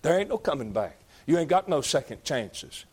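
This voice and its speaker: A man preaching a fiery sermon, emphatic and repetitive, rising to shouts. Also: a little high, very animated, normal speed, husky. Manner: folksy, emphatic, shouting at peaks, repeats lines.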